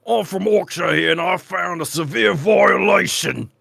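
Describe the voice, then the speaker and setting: A pompous, bossy orc inspector, as a man puts him on. He speaks slowly and deliberately, pitched well above a normal speaking voice. The sound is dry and close. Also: creaky, pushed and bright, no echo, heavily acted. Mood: officious.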